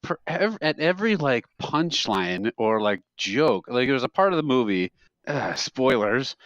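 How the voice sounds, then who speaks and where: A man's voice: mid-range voice, sing-song, a little slow, fairly bright tone, dry recording. Rambling man telling funny stories. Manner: rambling storyteller who laughs at his own stories. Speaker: podcast co-host. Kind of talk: casual chat. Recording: dry, slightly dull podcast mic.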